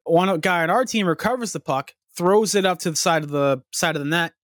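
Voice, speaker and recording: A man's voice: on the high side, a little fast, no echo, clean studio sound. A young man telling a long rambling story on a podcast, swearing freely and getting worked up. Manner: animated, profane, rambling storytelling. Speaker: podcast co-host.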